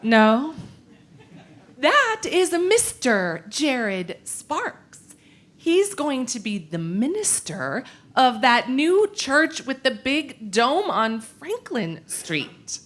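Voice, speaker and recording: A woman's voice: high voice, big pitch swings, drawn-out words, fairly bright tone, pitched above the performer's own voice, heavily acted. Woman voicing Emily, sniffy prim young lady. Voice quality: disapproving, sniffy.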